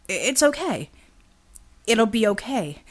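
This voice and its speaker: A woman's voice: a little high, very animated, a little slow. A woman voicing a sardonic, wisecracking male gunslinger hero in an audiobook. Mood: wry. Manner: sardonic, dry quips.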